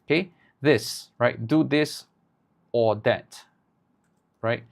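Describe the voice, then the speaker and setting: A man teaching ad writing live, thinking aloud in halting bursts and tagging his points with "right?". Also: medium pitch, gravelly. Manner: halting, with many restarts. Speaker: agency owner teaching ad writing.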